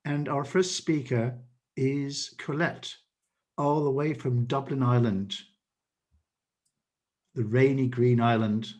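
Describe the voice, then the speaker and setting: A man hosting an online club meeting, introducing each speaker with playful, lively remarks. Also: medium pitch, slow pace, long pauses. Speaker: meeting host, toastmaster of the evening.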